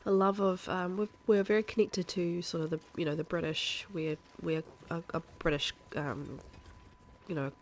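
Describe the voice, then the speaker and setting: A young woman from New Zealand with a softened New Zealand accent, chatting casually and rambling with many fillers as she streams a game. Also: fairly low pitch, fairly even intonation, moderate pace, slight background noise. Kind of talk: casual live game commentary.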